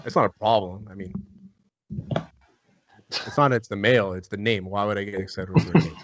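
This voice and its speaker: A man's voice: lowish voice, a little fast. A man hosting a live fantasy draft on a group call, joking around with crude banter. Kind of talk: casual group chat. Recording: dull lo-fi call audio.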